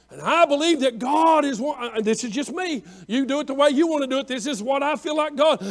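A pastor with a very high voice delivers an impassioned revival sermon, frequently shouting and calling out congregation members by name.

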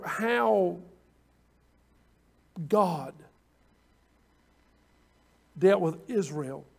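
A man's voice: high-pitched, gravelly. A middle-aged man preaching a sermon as pastor, folksy and conversational, repeating his phrases as he goes.

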